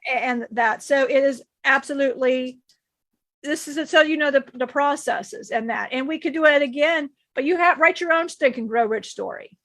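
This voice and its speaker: Speaking in a high voice, a woman channels an ancient divine male entity who gives an earnest spiritual teaching. His emphatic preaching keeps restarting and returning to one point, at normal speed. The audio sounds close, dry and slightly bright.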